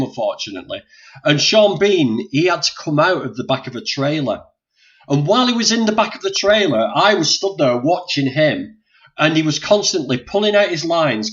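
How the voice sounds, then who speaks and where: A man's voice: fairly high pitch, fairly bright tone. Chatty male host on dull stream audio. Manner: encouraging, chatty, rambling. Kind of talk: casual live chat. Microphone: video call.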